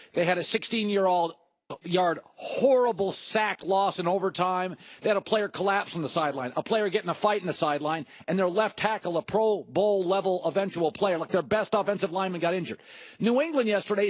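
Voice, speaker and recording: A man's voice: sits high, no echo. Emphatic, mocking sports-talk man. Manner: emphatic, mocking, rapid-fire lists. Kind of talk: heated sports debate.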